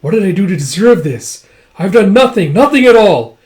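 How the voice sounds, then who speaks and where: A man voicing a frightened young noble girl who cries out in a high, strained voice while reading a comic aloud. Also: animated, normal speed, mellow, natural voice. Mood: alarmed. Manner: shrill, cries out in alarm.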